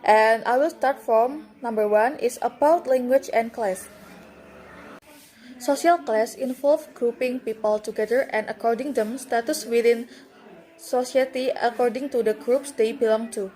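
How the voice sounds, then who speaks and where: Woman, young adult, student presenter, slightly high pitch, steady reading, occasional restarts. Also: measured pace, rough recording. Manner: reads steadily, with slips and restarts.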